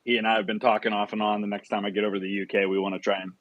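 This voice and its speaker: Guy hosting, lowish voice, dry sound, stumbles on his questions. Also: level tone, rapid-fire, no room sound, lo-fi sound. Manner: friendly questioner with stammered restarts and short backchannels. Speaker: host. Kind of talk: casual live chat interview.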